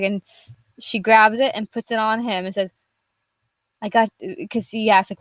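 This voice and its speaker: Streaming herself as she draws, a young woman artist rambles in casual chat and swears freely. Her voice sits a little high and is clean and a bit bright, with little pitch movement and a measured pace, recorded without echo.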